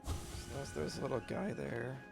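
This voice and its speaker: A man's voice: mid-range voice, animated, moderate pace, gravelly, over music. A man streaming a video game, chatting casually with rambling, upbeat commentary. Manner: rambling, self-correcting, upbeat.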